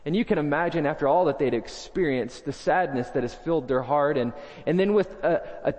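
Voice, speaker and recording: A man preaches with earnest conviction, often sinking to a hushed, low delivery on his key lines. His voice sits high for a man, and it rings out with a long reverb tail that fills a large church hall. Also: a little fast. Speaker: pastor. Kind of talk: sermon. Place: church sanctuary.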